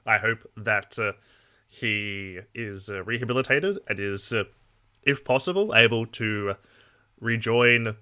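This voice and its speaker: A young man with an Australian accent tinged with English, chatting loosely at his desk mic on a live political stream. His voice sits mid-pitch but rings bright and forward. He drifts from thought to thought, answering chat as it comes. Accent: Australian with a trace of English. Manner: rambling, reacting to chat messages.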